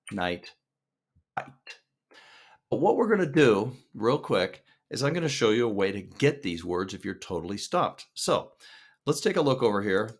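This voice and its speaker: A man teaching a songwriting lesson as a screen-share tutorial, explaining step by step and checking in with the listener. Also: lowish voice. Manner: upbeat, explanatory, checks in with "okay?".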